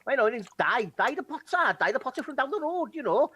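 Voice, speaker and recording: A man's voice: very high-pitched, big pitch swings, a little fast, pushed and bright, a little hiss or hum, voice pushed up, heavily acted. A man voicing a rowdy, swearing Welsh village man with an exaggerated sing-song Welsh accent. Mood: playful.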